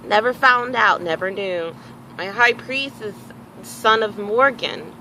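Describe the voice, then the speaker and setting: Woman, bright voice, casual animated storytelling, swears freely. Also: mid-range voice, slow pace, a little hiss or hum, poor audio. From Houston area, Texas. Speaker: vlogger.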